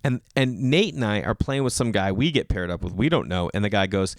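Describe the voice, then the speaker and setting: Lively, animated male comedian storyteller. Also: lowish voice, brisk, no room sound, clean studio sound. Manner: animated, leans on "like", acts out other people's lines in raised voices. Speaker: stand-up comedian and podcast host. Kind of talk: casual comedic storytelling monologue.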